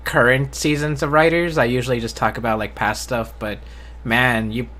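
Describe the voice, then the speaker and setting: A man hosting a casual live-stream discussion, talking in a flat, unenthusiastic way and often restarting with repeated words. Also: normal speed. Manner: self-described monotone, low enthusiasm. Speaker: host.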